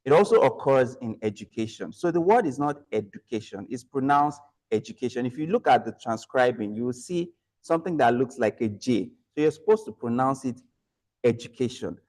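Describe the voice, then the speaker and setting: A man's voice: medium pitch, expressive, brisk, darkish tone. A man evaluating a club meeting, standing at a lectern and correcting speakers with rhetorical questions. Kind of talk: club meeting feedback speech.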